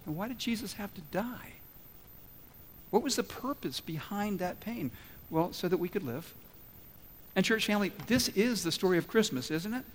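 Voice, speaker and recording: A man's voice: high voice, lively intonation, normal speed, long pauses, a little hiss or hum. A man preaching a sermon as pastor, telling stories with acted-out quotes and asking emphatic questions. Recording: long hall reverb.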